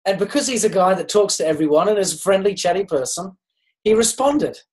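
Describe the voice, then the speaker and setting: A man with a fairly high voice gives a motivational training talk. He speaks unhurriedly, pausing and restarting his sentences. He acts out the dialogue in his stories. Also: lively intonation, darkish tone, low-quality recording. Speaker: network marketing trainer.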